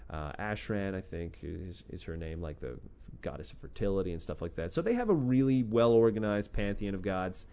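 A man's voice: sits low, lively intonation, fairly quick, vocal fry, dark tone, a little hiss or hum. A man casually retelling scripture stories in a sarcastic, profane way, breaking into acted-out quotes. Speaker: podcast host retelling a scripture book. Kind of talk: irreverent casual storytelling.

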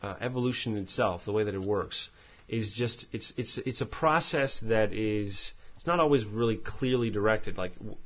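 A man's voice: fairly low pitch, normal speed, few pauses, lo-fi sound. A man hosting a podcast, chatting casually and reading listener mail aloud in a rambling, self-mocking way that often stumbles over words. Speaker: podcast host.

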